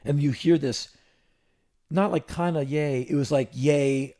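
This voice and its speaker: A man in his fifties, hosting a podcast and telling a long story in a casual, animated way, with quick restarts. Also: fairly high pitch. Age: 50s. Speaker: podcast host.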